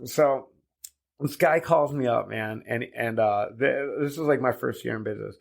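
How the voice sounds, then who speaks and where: A man's voice: mid-range voice, moderate pace, vocal fry. A man who hosts a podcast and runs boat charters, telling stories in a rambling, filler-heavy way and laughing along. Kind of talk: casual anecdotal storytelling.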